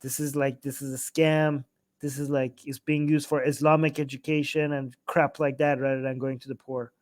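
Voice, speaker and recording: A man giving casual, animated reaction commentary while translating a video, often exclaiming and mimicking the lines he quotes. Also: mid-range voice, moderate pace, a little hiss or hum.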